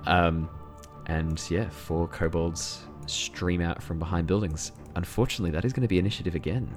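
A man runs a tabletop game as game master in a very deep voice. He talks in a relaxed, hesitant way, full of fillers and chuckles. Clear background music plays under him. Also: normal speed.

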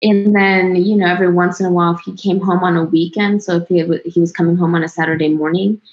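A woman in her thirties with a somewhat low voice tells a personal story in a relaxed interview. She talks in a chatty way, laughs often and trails off before restarting. The recording is dull and lo-fi. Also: quick pace. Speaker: interview guest. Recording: dull lo-fi sound.

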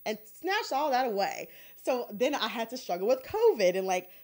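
Podcast guest: woman with a fairly high voice, blunt and animated. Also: moderate pace. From Detroit, USA. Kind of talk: candid casual storytelling.

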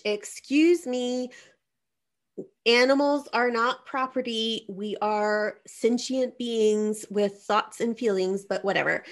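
A woman hosting a casual comedic show, reading news items with dry, wry asides. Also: fairly high pitch. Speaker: host.

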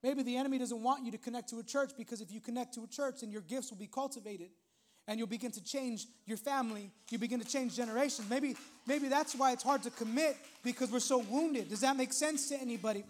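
A man's voice: very high-pitched, fast talker. A male pastor preaching a sermon in a conversational way, with frequent asides to the congregation.

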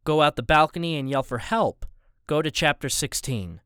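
A man narrating a first-person interactive thriller in a tense, measured reading. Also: fairly high pitch, expressive, fairly bright tone, clean tone, dry recording, clean studio sound. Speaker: audiobook narrator.

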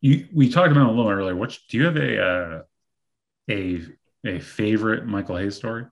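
A man co-hosting a podcast interview who asks quick, eager questions. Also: lowish voice. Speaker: podcast co-host. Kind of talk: casual interview.

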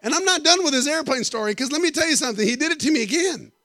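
A middle-aged man preaching a sermon, telling animated stories and joking with the congregation. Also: very high voice, rapid-fire, dry recording. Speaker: guest preacher. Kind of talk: storytelling sermon.

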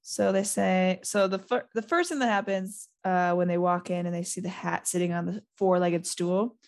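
A woman's voice: on the low side, steady tone, normal speed, vocal fry, a little mellow. Woman host reading a book aloud. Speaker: podcast host.

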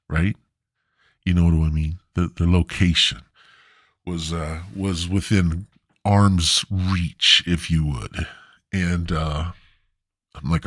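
A man's voice: low voice, takes it slowly, dry recording, studio quality. A man hosting a podcast, telling a rambling, profane story in a laid-back, casual way. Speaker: podcast host.

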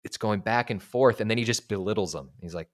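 A man's voice: fairly low pitch, fast. A man on a podcast, casually retelling a film scene and acting out its lines with loose, profane talk. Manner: animated storyteller acting out lines. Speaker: podcast co-host.

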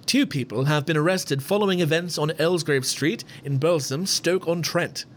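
A man putting on a British accent to play a formal male newsreader, reading slowly and evenly. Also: fairly high pitch, a little hiss or hum, natural voice. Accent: British, put on.

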